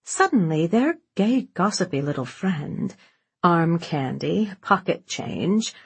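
A woman reads an audiobook in a composed, wry tone. Her voice sits on the low side and has a husky texture. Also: sing-song, slow pace. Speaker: audiobook narrator. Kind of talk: scripted narration.

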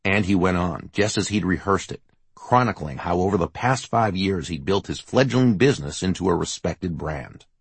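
A man narrating a novel as an audiobook, steady and measured. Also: sits low, husky, no echo. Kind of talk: scripted narration.

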